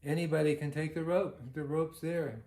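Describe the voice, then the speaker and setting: A man's voice: on the high side, flat delivery, moderate pace, darkish tone. A man giving a devotional storytelling talk, earnest and anecdotal, chuckling now and then. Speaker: devotional speaker. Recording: roomy echo.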